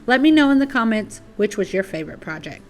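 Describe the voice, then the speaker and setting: Hosting a relaxed craft tutorial on her DIY channel, this woman speaks in a quick, sing-song, medium-pitched voice, sounding chatty, apologetic, and slightly breathless as she uses "y'all." There's a faint hiss or hum, with soft background music.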